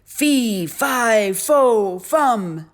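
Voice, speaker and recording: A woman voicing a huge, gruff male giant in a storybook reading, bellowing his lines. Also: on the low side, animated, moderate pace. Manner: bellowing, shouting.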